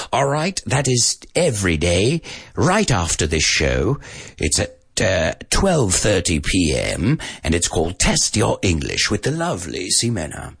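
A man's voice: on the low side, very animated, unhurried, husky, no echo, clean studio sound. A man hosting a radio show that teaches English, joking with listeners and dropping in Spanish phrases. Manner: playful and jokey, sprinkling in Spanish phrases.

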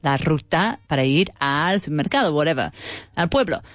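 Chatty woman radio host, swooping pitch. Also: lively intonation, fairly quick, no room sound, soft background music. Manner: chatty, playful, laughs often, swoops up in pitch. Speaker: radio co-host and English teacher. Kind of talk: casual radio chat teaching English.

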